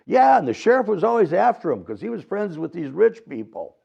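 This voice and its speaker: Man voicing a boastful hobo, tall-tale teller, high-pitched, gravelly edge, dull recording. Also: sing-song, a little fast, full character voice. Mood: yarn-spinning. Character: boastful male hobo spinning tall tales.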